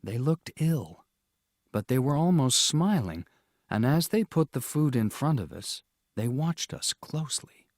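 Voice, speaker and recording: A man narrating a storybook audiobook in a slow, measured, clear reading style. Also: mid-range voice, big pitch swings, a little mellow, no room sound, clean studio sound.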